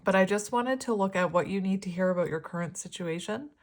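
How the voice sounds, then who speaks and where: A woman giving a casual, rambling tarot reading, chatting warmly and laughing often. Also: medium pitch, fairly quick. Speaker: tarot reader.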